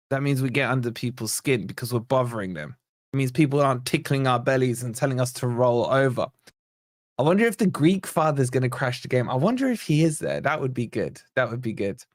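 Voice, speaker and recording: A slightly high male voice comes through dry and clean, studio-style. He's an Englishman running a live football watch-along stream, excitedly chatting and reading comments from his viewers.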